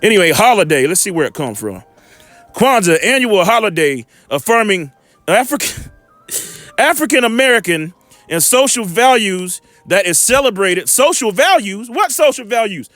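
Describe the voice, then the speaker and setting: A man's voice: high-pitched, sing-song, normal speed, a bit bright, no room sound, faint music behind. A man giving an informal scripture lesson in a rambling way, often checking in with his listeners and making blunt, profane asides. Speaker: bible teacher. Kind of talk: informal scripture teaching and commentary.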